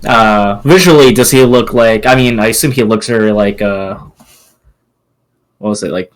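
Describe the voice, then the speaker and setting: A man's voice: on the low side, normal speed. A man playing a tabletop game, chatty and hesitant, laughing often. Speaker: player. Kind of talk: casual tabletop play.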